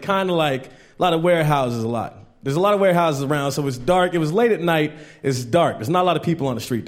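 A man doing a stand-up set on a club stage, telling stories loosely and shouting his acted quotes, with laughter from the crowd. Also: fairly high pitch. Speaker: stand-up comedian.

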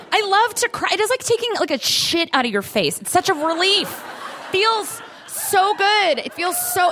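A woman's voice: sits high, fairly bright tone, slight background noise. A young woman performing a chatty, self-deprecating stand-up set on a club stage. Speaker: stand-up comedian. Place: comedy club stage with audience. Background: audience laughter.

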